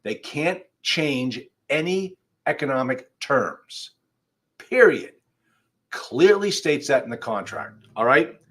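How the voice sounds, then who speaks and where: A man's voice: medium pitch, sing-song, slow, a bit bright. A man, an attorney, hosting a live online law class in a conversational, emphatic way, speaking straight to his viewers. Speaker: attorney host. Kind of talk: livestream legal class.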